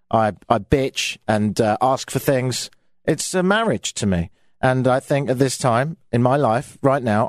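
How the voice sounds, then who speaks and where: A man's voice: medium pitch, no echo. A man with a British accent hosting a talk radio show, chatting in a casual, self-mocking, grumbling way into a studio microphone.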